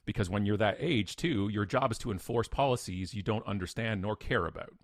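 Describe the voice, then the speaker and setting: A middle-aged man sits as a podcast guest and spins a story from his own life. His voice sits low and sounds dry and close. He talks bluntly and with emphasis, repeats his punchlines, and pokes fun at himself. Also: fairly quick, no echo. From Canada. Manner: blunt, emphatic, self-mocking, repeats phrases. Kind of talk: animated personal storytelling.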